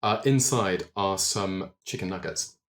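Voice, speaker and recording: A man narrating a tabletop game as game master, measured and full of ums. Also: low voice, slight background noise.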